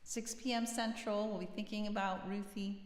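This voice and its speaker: A woman hosting a livestream, chatting casually between songs, gentle and encouraging, laughing as she tells a story. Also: medium pitch, steady tone, normal speed. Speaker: livestream host and singer-songwriter. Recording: roomy echo with long reverb, faint guitar.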